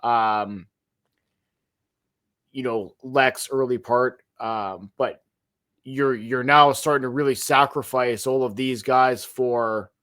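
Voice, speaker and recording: A man co-hosting a podcast in a casual wrestling history chat, animated and emphatic, often restarting his phrases. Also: medium pitch, takes it slowly. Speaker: podcast co-host.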